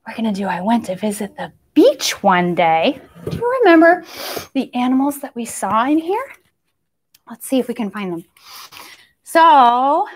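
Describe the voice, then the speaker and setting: A woman's voice: fairly high pitch, sing-song, moderate pace, pauses often, husky. A young woman leading a toddler story time, playful and sing-song, with animal noises and sound effects.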